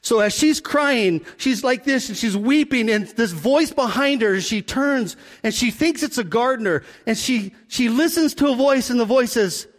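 A high-pitched man preaching a sermon in a church. He tells the story with animated energy and sinks to a near hush for emphasis. His voice carries a long reverb through the sanctuary. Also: normal speed, hardly any pauses. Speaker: pastor.

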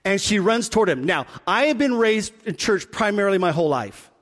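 A man preaching a sermon, telling the story with animated delivery and dropping to a hush for emphasis. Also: sits high, a little fast. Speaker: pastor. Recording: long hall reverb.

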